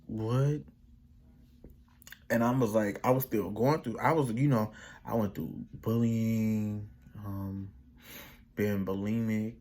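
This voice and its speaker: A man's voice: fairly low pitch, fairly even intonation, a little slow, darkish tone. A young man casually telling a personal story for his vlog, rambling with slang and restarts and quoting his family in their own voices. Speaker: vlogger.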